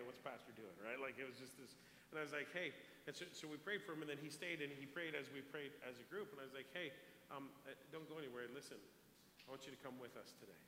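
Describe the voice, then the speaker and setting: A man preaching a sermon as a pastor, passionate, swinging from hushed asides to loud appeals. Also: a little high, a little hiss or hum. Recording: echoey hall with long reverb.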